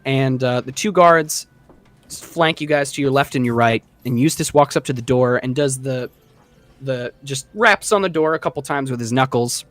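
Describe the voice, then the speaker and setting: Casting: man in mid pitch, laid-back game master narrating a tabletop session, chatty and loose. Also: moderate pace, a bit bright, no room sound. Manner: casual and rambling, many fillers.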